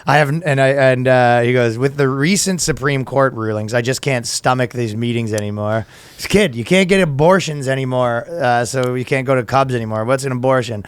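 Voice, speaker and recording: A man's voice: mid-range voice, moderate pace, smooth. A man co-hosting a casual comedy podcast, riffing profanely and mocking people in put-on voices. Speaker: podcast co-host.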